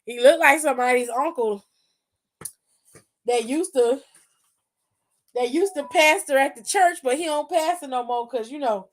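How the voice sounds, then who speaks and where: A woman's voice: high voice, a little slow, pauses often. A woman giving a rowdy, profane comedic recap of a wrestling show, laughing often and telling it with lots of animation.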